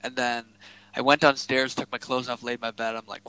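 Bright-voiced young man rambling casually. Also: mid-range voice, flat delivery, fairly quick, smooth, poor audio. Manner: rambling, swears a lot, heavy filler words. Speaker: podcast co-host. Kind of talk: casual chat.

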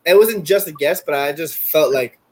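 A man's voice: on the high side, moderate pace, background noise. A man playing along as a quiz contestant, joking as he talks through his reasoning. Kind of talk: casual quiz banter.

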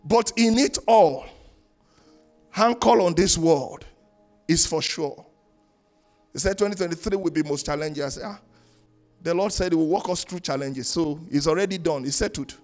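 Emphatic pastor preaching. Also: male voice, normal speed, pauses often, soft background music. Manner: emphatic preaching, swings between loud sung-out lines and low asides. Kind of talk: sermon. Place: church in Canada.

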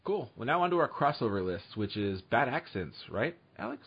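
A man's voice: mid-range voice, brisk, husky. A man hosting a casual podcast chat, leading the segments and laughing often. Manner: leads the segments, lively and laughing. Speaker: podcast host. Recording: dull lo-fi sound.

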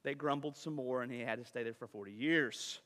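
A man preaching a sermon as pastor, animated, firing rhetorical questions at the congregation and slipping into quick impressions. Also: mid-range voice, long reverb tail.

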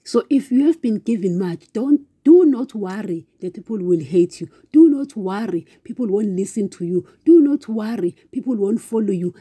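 A woman delivers an impassioned, informal devotional talk, circling back over her points and speaking straight to her listeners. Her voice is very dark and mellow with a husky edge, and the recording is close and dry. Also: medium pitch, no echo. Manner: impassioned, repetitive, keeps calling listeners "guys". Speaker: podcast preacher.

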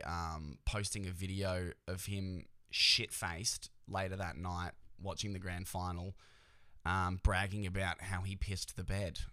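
A man's voice: on the low side, fairly bright tone, no room sound, studio quality. A man hosting a podcast, chatting casually about sports in a joking, profane, rambling way. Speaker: podcast host.

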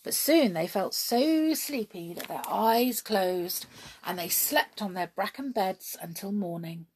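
A woman reading a children's story aloud slowly and expressively, often dropping to a hush. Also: mid-range voice, expressive, slightly rough.

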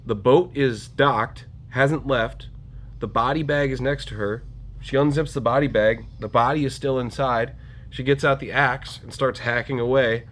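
A man's voice: mid-range voice, moderate pace. A man co-hosting a podcast, casually retelling a comic book story and acting out its lines. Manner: animated retelling, acts out character lines. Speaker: podcast co-host.

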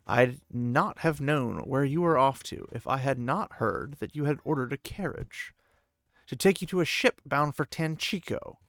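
A man voicing a stern male warrior who keeps losing his cool and raising his voice in loud exasperated bursts. The voice is gravelly and sits close and dry. It is his own voice, read straight from a storybook. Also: mid-range voice, a little slow, dry recording. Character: stern male warrior guardian, usually controlled.

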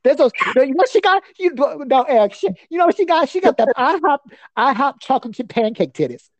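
High, lively woman ranting crudely. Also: a little fast, dry recording, dull audio. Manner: profane, mocking, chanting nonsense singsong. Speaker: guest comedian. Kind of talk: crude roast rant.

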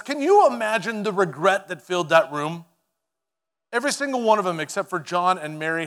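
A man preaching a sermon as pastor, telling the story in an animated way, joking with the congregation and swinging from loud to hushed. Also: on the high side. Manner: conversational and playful with the congregation.

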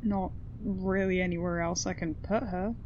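A woman playing a haunted, grieving college student who speaks softly and grows jumpy. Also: on the low side, fairly even intonation, normal speed, dull audio, a little hiss or hum, natural voice. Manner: shaken, soft-spoken, snapping when frightened.

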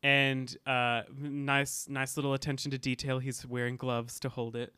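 A man co-hosting a casual podcast with a bright, crisp voice and a close, dry sound. He chats loosely through an episode recap, full of fillers and quick to laugh. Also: mid-range voice, flat delivery, dry recording. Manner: laughs often, loose and chatty with many fillers. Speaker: podcast co-host.

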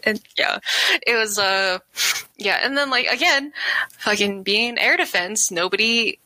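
A woman co-hosting a podcast with a bright, sharp voice, chatting casually and cursing freely. She tells stories by acting out what people said, raising her voice for the quotes. The sound is dry and close, with no room echo. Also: medium pitch, a little slow. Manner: swears freely, acts out quotes loudly when telling stories. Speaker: podcast co-host.

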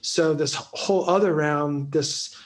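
A man's voice: fairly high pitch, slow pace. Rambling man chatting about a film. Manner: rambling, many restarts and "like" fillers. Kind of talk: casual film discussion.

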